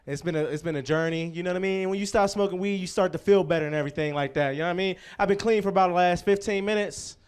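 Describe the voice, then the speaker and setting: A man hosting a live comedy show, with an unusually high voice. He tells loose, profane stories in a rambling way. He keeps turning to the audience with questions. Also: fairly even intonation, racing, few pauses, clean tone. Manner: loose, profane, rambling storytelling with crowd work.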